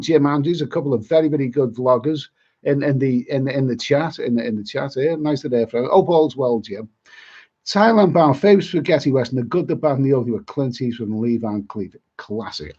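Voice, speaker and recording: A middle-aged travel vlogger from Liverpool, England chats casually on a live stream, rambling and repeating himself. His voice is medium-pitched and darkish, heard through dull lo-fi stream audio.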